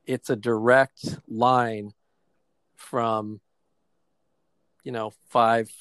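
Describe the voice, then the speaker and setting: A man's voice: mid-range voice, level tone, very slow, fairly bright tone, clear, resonant tone, no room sound. A man in his forties from New Jersey, casually and reflectively retelling a personal therapy experience with quoted dialogue. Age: 40s.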